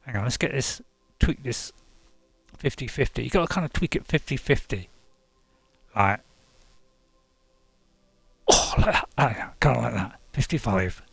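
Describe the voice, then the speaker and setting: A man's voice: medium pitch, animated, normal speed, creaky, pauses often, a bit bright, husky, dry recording. A middle-aged man, casually commentating on gameplay in a rambling, chatty way with chuckling asides. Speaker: gaming channel host.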